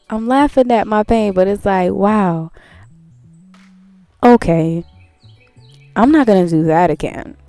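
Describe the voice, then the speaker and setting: A woman's voice: mid-range voice, vocal fry, darkish tone, dry recording. Earnest woman giving a healing pep talk. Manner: earnest, repetitive, laughs at herself. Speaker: host. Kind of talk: casual motivational talk.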